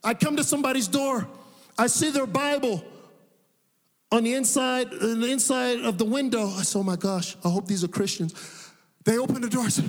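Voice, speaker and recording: A male pastor preaching a sermon, telling a personal story with animated delivery and laughing at his own tale. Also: very high-pitched, a little fast, big-room sound. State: sweating.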